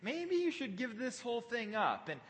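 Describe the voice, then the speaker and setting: A man's voice: very high-pitched, sing-song, moderate pace, fairly bright tone, long reverb tail, pitched above the performer's own voice, heavily acted. A man doing a cocky young warrior, sarcastic. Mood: reasoning. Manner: sarcastic, teasing and casual. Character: young male warrior mocking his rivals.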